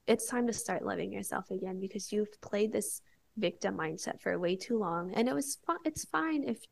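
A young woman speaks as a podcast guest, sharing a personal story in relaxed, candid chat. Her voice has a strong gravelly fry at mid pitch, and she leans on "like" between phrases. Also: moderate pace. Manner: candid storytelling, many filler "like"s. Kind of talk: casual chat.

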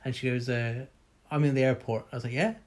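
A man's voice: mid-range voice, steady tone, brisk, darkish tone. A man casually telling a personal story, candid and rambling, with plenty of ums and the odd swear.

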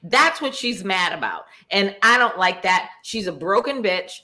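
A woman co-hosting a casual recap chat over a video call, blunt and animated, acting out what others said. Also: medium pitch, normal speed. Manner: blunt, animated, acts out quotes. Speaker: podcast co-host.

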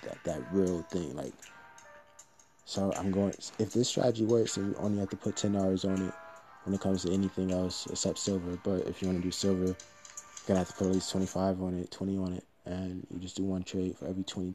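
A man's voice: low voice, a little mellow. A man talking through a trading strategy in a rambling, slangy, joking monologue. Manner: loose, slangy, joking, profane.

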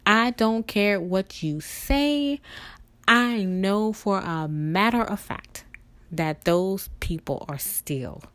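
A woman telling a personal story in an emotional, earnest, halting way. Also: medium pitch, animated, dry recording. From family roots in Louisiana.

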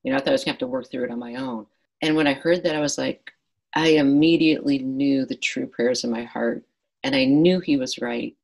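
A middle-aged woman speaks with a deep, breathy-edged voice. She tells a personal story as an interview guest, earnestly reenacting her own past conversations. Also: brisk, darkish tone, low-quality recording. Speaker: guest author.

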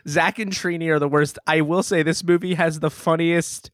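A man co-hosting a casual movie review chat, rambling and halting, swearing and laughing often. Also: a little high, steady tone, a bit bright, dry recording, studio quality. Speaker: podcast co-host.

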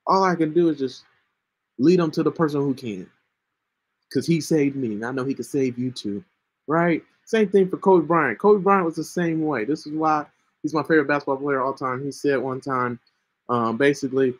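A man's voice: fairly high pitch, moderate pace. A man hosting his own podcast, teaching the Bible in a casual, earnest monologue and often checking in with "right?", with coughing fits breaking in. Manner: earnest, keeps asking "right?". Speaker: Christian podcast host. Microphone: home computer mic with screen sharing.

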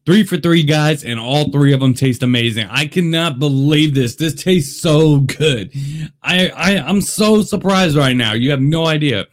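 A man chatting excitedly in a casual taste-test vlog, talking to his viewers. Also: fairly high pitch, unhurried. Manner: excitable, chatty, lively delivery. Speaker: vlogger. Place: Las Vegas.

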